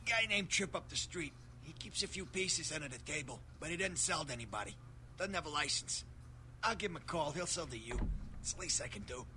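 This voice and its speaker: An actor playing a helpful, ageless servant of vampires in a video game, speaking plainly. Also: male voice, a little high, a little fast, natural voice. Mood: matter-of-fact. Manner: plain, informative. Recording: game audio with steady noise.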